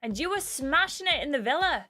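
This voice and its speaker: A woman reading game dialogue aloud as a bubbly, starstruck young female VIP host with gushing, excitable fangirl chatter. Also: high-pitched, fairly quick, voice pushed up, exaggerated voice. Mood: gossipy.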